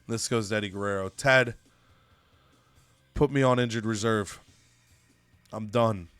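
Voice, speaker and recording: A man voicing a weary veteran male wrestler and father, speaking low and resigned. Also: unhurried, fairly bright tone, clear, resonant tone, dry recording, faint music behind.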